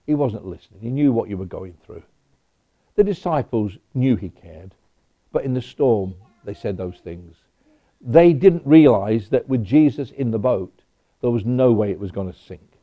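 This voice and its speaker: A man's voice: medium pitch, expressive, normal speed. Guy preaching a sermon, chatty with personal asides, muffled lo-fi sound. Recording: dull lo-fi recording.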